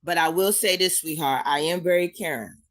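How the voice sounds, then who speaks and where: A woman's voice: low voice, fairly quick. A woman hosting a live chat, speaking tenderly and calling people sweetie and baby, holding back tears as she repeats herself. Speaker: livestream host reading chat.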